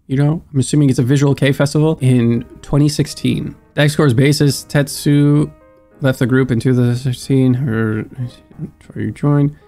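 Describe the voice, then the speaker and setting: A young man with a congested, stuffed-up nose talks through a music reaction. He muses aloud and gets excitable, in an everyday mid-range voice. Faint music sits behind him. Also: medium pitch. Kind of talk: casual reaction commentary.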